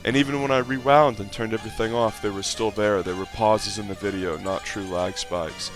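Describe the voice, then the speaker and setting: A man with a fairly low voice calls a baseball clip like a play-by-play announcer and rants about it. His commentary is salty and exasperated, and he breaks into excited shouts. Faint music plays behind him. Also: fairly quick. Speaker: online video commentator. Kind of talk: mock play-by-play commentary and rant.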